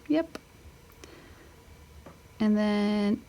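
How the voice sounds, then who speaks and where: A middle-aged woman teaches spelling in a casual, unhurried way. She thinks aloud as she works, pauses, and corrects herself with chatty asides. Her pitch sits in an ordinary middle range. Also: fairly bright tone. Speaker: homeschool teacher. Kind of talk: casual spelling lesson walkthrough.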